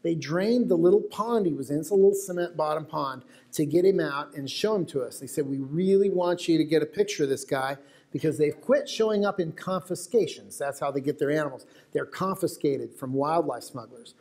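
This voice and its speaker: American guy giving a talk, slightly high voice, chatty storyteller tossing questions at the crowd. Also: fairly quick, darkish tone. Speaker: wildlife photographer giving a talk. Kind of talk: lecture to an audience. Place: auditorium with live audience.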